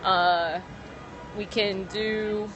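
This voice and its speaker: Talking very slowly in a steady, medium-pitched, slightly bright voice, a young woman comedian streams live from a city street on her held-up phone. Her casual chat rambles with ums and self-corrections against faint street traffic.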